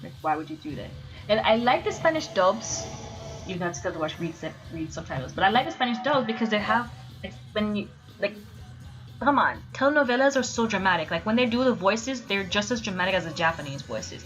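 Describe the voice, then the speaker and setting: A young woman chatting on her live stream, animated and blunt, swearing freely as she rants. Her voice sits at an ordinary middle pitch, and faint music plays behind her. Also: a little fast, rough recording. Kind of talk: casual live-stream chat.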